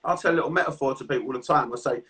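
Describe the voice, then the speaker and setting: A man's voice: medium pitch, very fast, a bit bright, distant mic. A man in a casual chat, telling stories in a sweary, easygoing way. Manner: storytelling, sweary, laughs easily. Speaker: podcast host.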